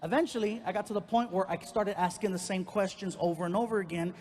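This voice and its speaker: A man doing stand-up, telling a personal story and acting out the people in it with lively energy. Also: high voice, quick pace, in a large hall. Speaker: stand-up comedian. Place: comedy stage before a live audience.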